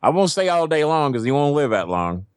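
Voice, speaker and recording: A man's voice: on the high side, big pitch swings, fairly quick, clear, resonant tone, no echo, studio quality. A man, telling crude, self-mocking stories as a podcast guest. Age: 50s. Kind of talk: casual storytelling. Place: not at a desk microphone.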